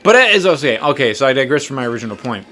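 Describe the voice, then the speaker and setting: A young man in his twenties rambles through a story in a relaxed, casual way. He swears freely, pokes fun at himself and drifts off topic while playing a game. His voice sits at an ordinary middle pitch. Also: rapid-fire, faint music behind. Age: 20s. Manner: rambling, profane, self-mocking. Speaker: podcast host.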